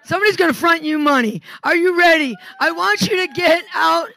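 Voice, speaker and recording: A woman preaching a sermon, telling testimonies in an animated storytelling way. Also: extremely high pitch, a little fast, creaky. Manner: animated storytelling, quoting others.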